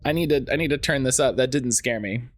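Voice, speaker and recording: A man streaming a video game, chatting casually and excitedly with his viewers, rambling and greeting them by name. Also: medium pitch, fast. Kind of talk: casual live-stream chat.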